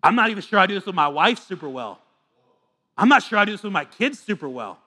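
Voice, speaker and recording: A man in his thirties preaching a sermon as a pastor, earnest and confessional, moving between hushed asides and fervent appeals. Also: sits high, very animated, quick pace.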